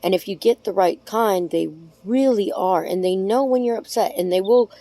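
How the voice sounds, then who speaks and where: A woman's voice: medium pitch, normal speed, dark tone, dry recording. A woman vlogging casually to camera, chatty and rambling, affectionate and frank, with casual swearing.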